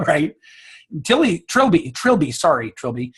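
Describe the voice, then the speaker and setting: Husky higher-voiced American man explaining. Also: a little slow. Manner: expressive, laughs often, teacherly. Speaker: guest speaking coach. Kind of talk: conversational interview, explaining.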